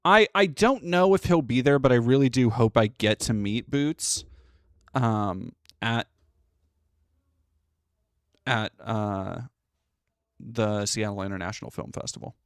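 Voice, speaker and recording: A man's voice: mid-range voice, lively intonation, a little slow, long pauses, no echo, clean studio sound. A man hosting a casual reaction stream, sarcastic and swearing, reading chat aloud. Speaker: stream host.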